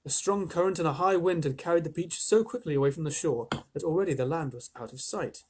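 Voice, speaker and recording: A man's voice: on the high side, fast, a little mellow, husky. A man reading a children's book aloud live, with playful, chatty asides. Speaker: storyteller.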